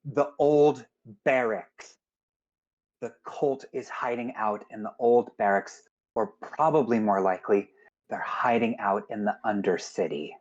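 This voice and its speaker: A woman's voice: very deep voice, unhurried, darkish tone, lo-fi sound. Stella, an eager stammering scholar, put on by a man. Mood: musing. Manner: stammering, eager thinking aloud. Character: quick-witted woman scholar, excitable.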